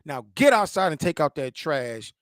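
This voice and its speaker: A man with a high, very lively voice gives animated casual commentary straight to the viewer. He laughs often, repeats himself and drops into mock voices. The sound is dry and close. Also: normal speed, dry recording.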